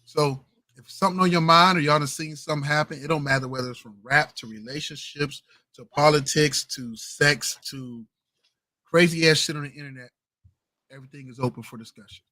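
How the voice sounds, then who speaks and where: A man's voice: fairly high pitch, fairly even intonation, brisk, pushed and bright, dry recording. A man hosting a casual late-night podcast, laid-back and slangy. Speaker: podcast host. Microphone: home streaming mic, adjusting gain.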